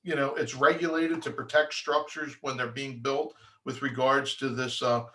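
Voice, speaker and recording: A man's voice: mid-range voice, little pitch movement, pushed and bright, a little hiss or hum. A man, a mold inspector, giving a conversational presentation on mold testing. He explains with plenty of fillers and restarts, and now and then acts out a lab's replies. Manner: acts out lab replies in quick asides.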